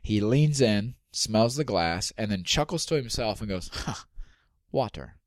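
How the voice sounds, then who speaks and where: A male comedian telling a story in casual chat, animated, swearing freely and acting out the voices of people he quotes. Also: lowish voice, normal speed, no room sound, studio quality.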